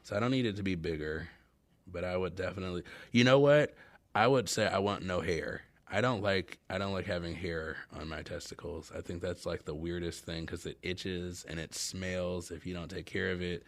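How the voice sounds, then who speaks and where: A man's voice: low-pitched, fairly even intonation, normal speed. A man hosting his own podcast, chatting casually and telling candid, self-mocking stories in a rambling way. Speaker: podcast host. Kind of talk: casual solo podcast chat.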